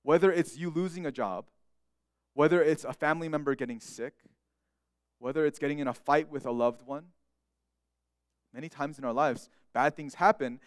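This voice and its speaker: A man's voice: on the high side, no room sound, clean studio sound. A young man preaching a sermon as pastor, speaking earnestly and often repeating words as he restarts a thought.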